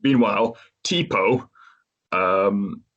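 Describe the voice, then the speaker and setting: A man's voice: fairly low pitch, very slow, a bit bright, muffled recording. Man chattily recapping a movie. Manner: chatty, laughs often while retelling scenes. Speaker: podcast host.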